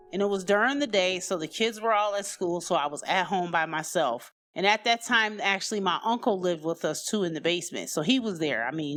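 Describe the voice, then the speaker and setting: A woman telling her own life story casually, full of "you know" and "like," raising her pitch sharply when she quotes people. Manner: conversational, many "you know" and "like" fillers; acts out quoted voices with sharp rises in pitch. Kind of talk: personal storytelling.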